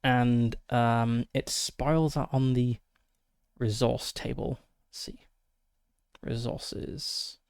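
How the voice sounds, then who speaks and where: A man's voice: mid-range voice, steady tone, drawn-out words, creaky, long pauses, a little mellow, clear, resonant tone, no room sound. A man casually narrating his solo tabletop game, methodically thinking aloud through dice rolls and rules with frequent fillers, into a close desk mic.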